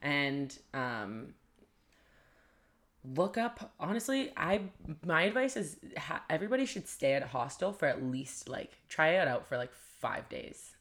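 A Canadian woman chatting casually about travel, animated and full of "like", acting out the people in her stories. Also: low-pitched, measured pace. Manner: animated, lots of "like", acts out quoted people. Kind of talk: casual chat.

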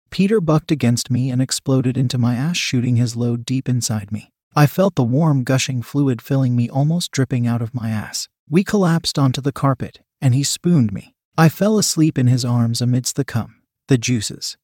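Male narrator for a read-aloud erotic story, mid-pitched, dry close sound. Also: moderate pace, hardly any pauses, dark tone, breathy edge, no echo.

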